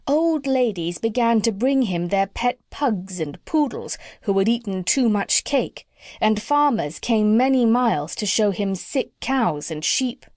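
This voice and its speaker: A woman narrating a children's storybook audiobook in an expressive reading. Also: mid-range voice, no echo, studio quality.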